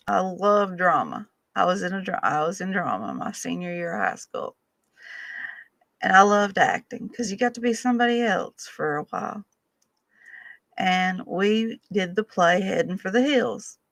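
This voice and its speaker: A woman's voice: mid-range voice, a bit bright, no echo. A woman telling folksy, humorous stories from her past in a casual way. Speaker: storyteller vlogger. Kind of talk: casual storytelling.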